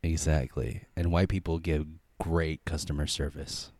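A man co-hosting a casual podcast, an animated storyteller who laughs often. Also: extremely low pitch, a little slow. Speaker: podcast co-host. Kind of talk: casual chat.

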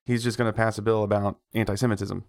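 A man co-hosting a gaming podcast, chatting casually and telling stories with lively acted-out quotes. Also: lowish voice, fast, no echo. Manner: animated storyteller who acts out quotes. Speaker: podcast co-host. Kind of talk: casual chat.

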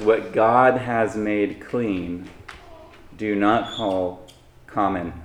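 A man's voice: fairly low pitch, roomy sound. A man preaching a sermon in a conversational way, with light humorous asides to the congregation. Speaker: pastor.

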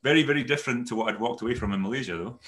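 A middle-aged man, a company head and podcast guest, recounting his school and university years in a thoughtful, halting way full of restarts. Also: medium pitch, a bit bright. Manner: thoughtful, halting, many restarts and "you know"s. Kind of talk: reflective conversational storytelling.

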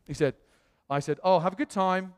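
A British man, a pastor, telling a lively personal story in a sermon and acting out the other people's lines. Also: high-pitched, normal speed, smooth. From England. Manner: animated, acts out quoted voices. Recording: long reverb of a large hall.

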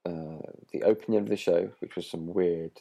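A podcast co-host chatting casually, relaxed and steering the topics. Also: deep voice, normal speed, vocal fry, slightly rough. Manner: relaxed, steers the conversation and laughs often. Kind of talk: casual chat.

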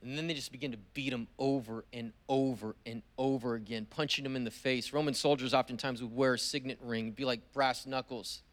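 A man, a pastor, preaching a sermon, telling a story vividly and stressing words with slow, deliberate pauses. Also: medium pitch, fairly even intonation.

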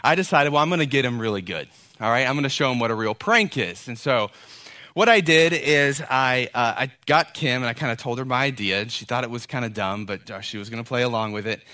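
A man in his thirties preaching a sermon, telling a family story with lively acted-out dialogue. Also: mid-range voice, fairly quick, dry recording. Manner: animated storyteller, acts out quoted dialogue. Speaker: pastor.

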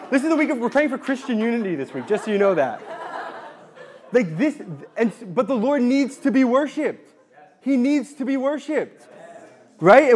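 A man with a fairly high voice gives a spirited faith talk to a room of listeners. He exhorts earnestly and repeats words when excited. He reads scripture slowly and deliberately. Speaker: speaker at a community talk.

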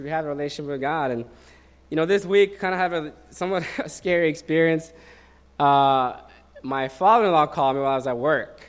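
A male preacher in his thirties talking through a sermon like a conversation. His voice sits a little high, and he tells personal stories loosely, with plenty of "you know" along the way. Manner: conversational, personal storytelling with many fillers.

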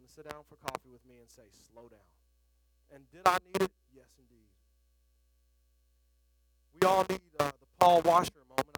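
A man's voice: fairly high pitch, fairly bright tone, big-room sound. A middle-aged man preaching a sermon, talking conversationally and telling personal stories. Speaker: pastor.

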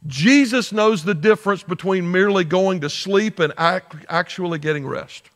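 High-voiced man preaching a sermon. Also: moderate pace, a bit bright. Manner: conversational preaching, asks the audience questions. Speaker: pastor.

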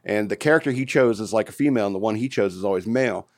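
A man's voice: on the low side, racing, no room sound, studio quality. A man co-hosting a casual chat, reading news stories with joking asides. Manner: relaxed, reads stories, jokey asides.

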